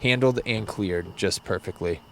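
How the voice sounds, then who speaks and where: Halting young man telling a story. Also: on the low side. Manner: halting, many restarts. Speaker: podcast guest. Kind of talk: casual storytelling.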